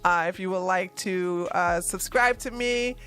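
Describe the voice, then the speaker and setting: A woman's voice: fairly low pitch, unhurried, a bit bright, clear, resonant tone. A woman hosting her own news commentary vlog, talking casually and animatedly to her viewers and laughing often.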